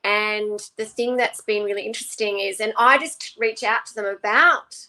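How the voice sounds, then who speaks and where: A woman's voice: mid-range voice, normal speed, bright, forceful tone, low-quality recording. A woman hosting interviews, talking animatedly and acting out the people she quotes. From Australia. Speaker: interviewer host. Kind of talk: casual conversation.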